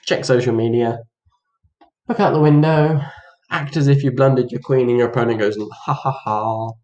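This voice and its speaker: A chess teacher gives a relaxed lesson in a mid-range, darkish male voice at normal speed, playfully hamming it up as he acts out how both players react. The recording sounds muffled, with a roomy echo.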